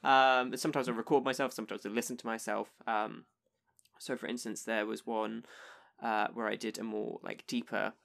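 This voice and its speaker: A man, a guest on a podcast, chatting in a relaxed way with fillers and small laughs. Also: lowish voice, normal speed, vocal fry. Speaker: podcast guest and fellow player. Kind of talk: casual podcast chat.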